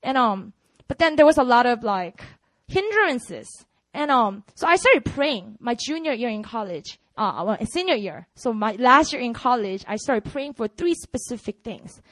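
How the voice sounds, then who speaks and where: A young Korean woman with a Korean accent, telling a church her personal testimony in lively storytelling full of "you know" fillers. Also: on the high side, moderate pace, dry recording, poor audio. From South Korea. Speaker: ministry worker giving a testimony.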